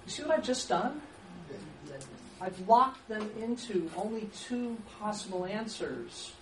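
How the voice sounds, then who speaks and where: A man teaching a church class on counseling, lively and acting out sample questions, with an occasional chuckle. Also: high-pitched, measured pace. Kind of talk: church training lecture. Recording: echoey room from far off, faint hiss.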